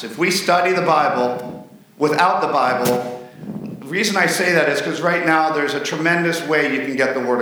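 A man's voice: fairly high pitch, fairly bright tone, far from the mic. A man preaching a sermon, a folksy pastor who tells jokes. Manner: folksy, joking storyteller. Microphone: mic on a stand, then handheld. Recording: echoey hall.

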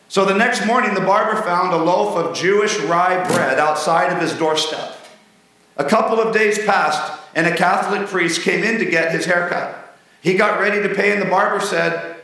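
A man pastor with a high, bright voice delivers a sermon full of folksy jokes. His voice rings out in a strongly echoing church hall. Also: normal speed, far from the mic. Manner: folksy, joking storyteller. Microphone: mic on a stand, then handheld. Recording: echoey hall.

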